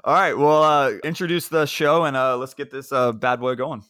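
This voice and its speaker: A man's voice: mid-range voice, steady tone, normal speed, pushed and bright, smooth, no echo, studio quality. A man co-hosting a podcast, teasing the others in casual chat. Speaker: podcast co-host.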